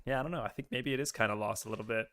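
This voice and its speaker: A young man co-hosting a podcast in relaxed casual chat, full of "like" and laughing as he talks. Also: medium pitch, rapid-fire. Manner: relaxed, filler-heavy, laughs while talking. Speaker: podcast co-host.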